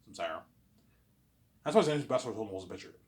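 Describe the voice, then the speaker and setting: Man, casual vlog monologue, rambling and excitable, pitch jumping up and down. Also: brisk. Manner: rambling, excitable, repeats words when restarting. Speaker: host of a listening series.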